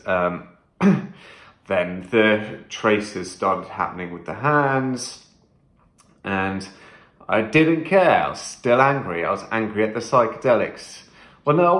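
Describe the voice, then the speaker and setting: A man's voice: lowish voice, a little slow, fairly bright tone, echoey room. A man vlogging a first-person trip report, talking intensely and emphatically, swearing often and repeating phrases.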